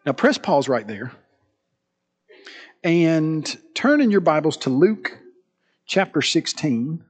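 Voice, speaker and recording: Brief: male preacher, sermon storytelling, slightly high voice, animated then hushed. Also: slow pace.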